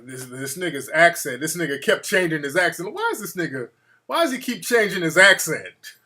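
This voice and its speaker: A man's voice: on the high side, very animated, brisk, bright, forceful tone. A man hosting a call-in show, blunt and mocking in profane banter. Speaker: radio show host.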